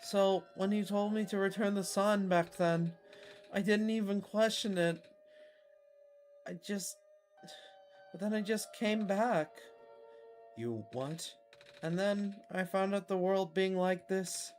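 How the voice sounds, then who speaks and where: A man reading as a sad, gentle lost child. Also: high-pitched, steady tone, slow pace, long pauses, soft background music. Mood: reflective. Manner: soft, subdued, reflective reading. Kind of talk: reading game dialogue aloud.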